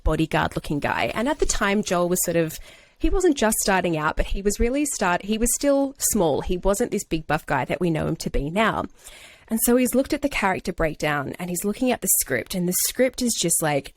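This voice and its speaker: A woman's voice: fairly low pitch, dry recording. A woman, an actor and acting coach, telling an anecdote in a casual podcast interview and acting out the quotes. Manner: animated storyteller who acts out quotes.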